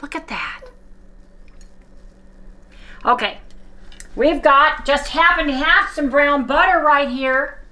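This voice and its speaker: A woman hosting a casual cooking vlog from her home kitchen, gushing excitedly and calling her viewers "you guys.". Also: high voice, a little slow, rough recording. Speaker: keto cooking channel host.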